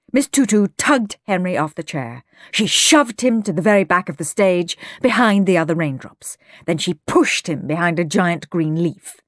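Husky, low-voiced woman reading a storybook slowly, with lively intonation. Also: no room sound, clean studio sound. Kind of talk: storybook read-aloud.

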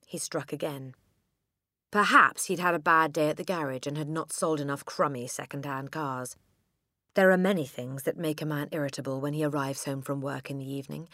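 A woman narrating a children's storybook in a crisp, expressive reading. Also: low voice, no room sound, clean studio sound. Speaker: audiobook narrator.

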